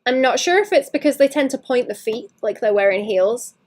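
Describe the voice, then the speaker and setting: A woman streaming herself drawing, chatting casually in a rambling way that trails off and drops to a quiet murmur. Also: fairly high pitch, lively intonation, a little fast. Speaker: art streamer. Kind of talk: casual live-stream chat while drawing.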